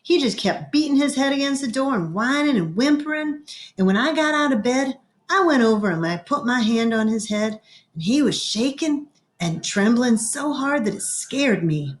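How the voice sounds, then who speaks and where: Storyteller: woman reading a children's chapter book aloud, expressive, clears her throat now and then. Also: fairly high pitch, normal speed. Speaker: reader.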